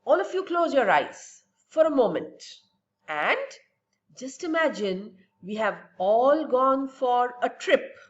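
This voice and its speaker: A woman teacher talks young children through a science lesson, slow and patient, her fairly high voice rising and falling a lot as she asks and answers her own questions. The recording sounds dull and lo-fi.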